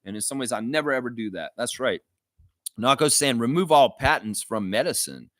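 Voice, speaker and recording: A man's voice: mid-range voice, expressive, fairly quick, a bit bright, no echo, clean studio sound. A man hosting a live stream, reading chat comments and ranting bluntly with frequent swearing. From Canada.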